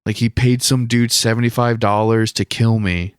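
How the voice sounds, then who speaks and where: A man's voice: medium pitch, steady tone, moderate pace, clear, resonant tone, no room sound, clean studio sound, natural voice. A man putting on a brash, profane woman in her forties who shrugs off danger and calls herself a survivor. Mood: breezy. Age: 40s. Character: brash streetwise middle-aged woman, tough survivor.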